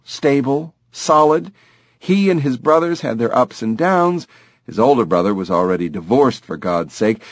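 A man narrating an audiobook in an expressive, animated reading style. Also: mid-range voice, dry recording, studio quality. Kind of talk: scripted narration.

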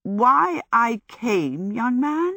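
A woman's voice: fairly high pitch, big pitch swings, very slow, fairly bright tone, no room sound, clean studio sound, pitched above the performer's own voice, full character voice. A woman voicing a stubborn, pious old woman who speaks firmly and primly. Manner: firm, prim.

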